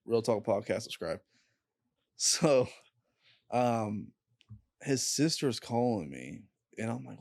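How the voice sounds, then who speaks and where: A young man, a podcast guest, telling a painful personal story in a candid, halting way and swearing freely. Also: medium pitch, lively intonation, vocal fry, a little mellow, no echo, clean studio sound. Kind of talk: casual storytelling.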